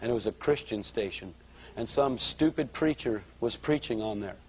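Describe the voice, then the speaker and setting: A man giving a conversational sermon testimony at a live church service, his storytelling growing excited and louder. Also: medium pitch, normal speed, slightly rough, rough recording. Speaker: guest speaker giving a testimony.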